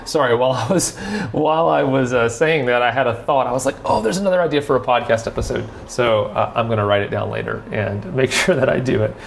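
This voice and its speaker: Gravelly-voiced drummer talking shop. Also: male voice, mid-range voice, steady tone, a little fast, few pauses, slight background noise. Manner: rambling, filler-heavy, loses and finds his thread. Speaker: drummer and podcast host. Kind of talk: casual spoken drum lesson.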